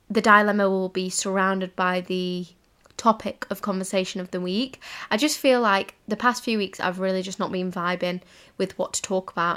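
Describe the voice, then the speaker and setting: A young woman hosts a casual solo podcast from a cozy room at home, rambling and giggling with plenty of fillers. Her voice is mid-range, pushed and bright.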